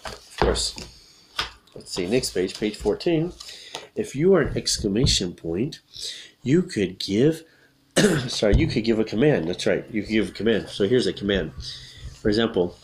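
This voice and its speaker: A man teaching English by reading a children's picture book aloud, explaining patiently and repeating each line, then bursting into loud acted shouts. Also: fairly low pitch, animated, normal speed, pauses often, a little hiss or hum.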